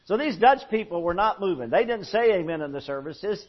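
A male pastor telling a folksy story in a sermon, swinging from hushed to loud. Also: high voice, lively intonation, a little fast. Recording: muffled lo-fi sermon recording.

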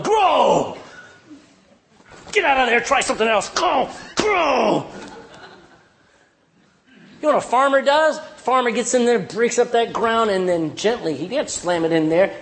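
A middle-aged male preacher with a high, lifted voice delivers a lively sermon. He drives his points home with repetition and slips into little acted-out scenes. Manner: animated, acts out little scenes, emphatic repetition.

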